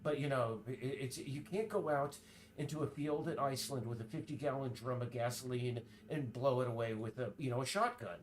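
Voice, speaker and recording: A man streaming, chatting casually in a rambling, halting way full of restarts while he works. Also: medium pitch, a little hiss or hum. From United States.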